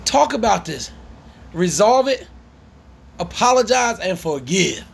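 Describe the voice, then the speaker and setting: A man's voice: high voice, sing-song, slow, creaky, slight background noise. A man coaching couples in a church workshop who speaks emphatically like a preacher and repeats his challenges to the audience. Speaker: marriage coach.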